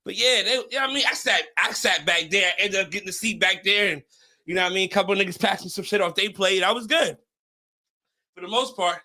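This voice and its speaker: A man's voice: high-pitched, fast talker, pushed and bright. A man hosting a podcast, telling a long story in a casual, rambling way, swearing a lot and tripping over his words. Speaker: podcast host.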